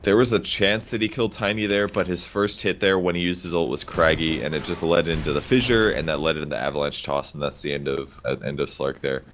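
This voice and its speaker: A man with a light Upper Midwest American accent giving relaxed, analytical color commentary on an esports match. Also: rumbling low, slight background noise. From Wisconsin and Montana, United States. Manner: fast analytical breakdowns, relaxed.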